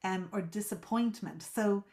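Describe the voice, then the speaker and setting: A woman's voice: mid-range voice, measured pace, a little mellow. A woman coaching a group on a live video call, explaining at length. She often repeats and restarts words and checks whether listeners follow.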